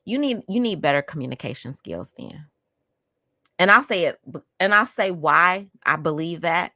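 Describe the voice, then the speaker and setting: A woman's voice: lowish voice, expressive, normal speed, bright, forceful tone, no echo, studio quality. A woman hosting a podcast, telling a personal story in an outspoken, emphatic way and talking straight to her listeners. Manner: emphatic, addresses listeners directly; outspoken and heated. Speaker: podcast host.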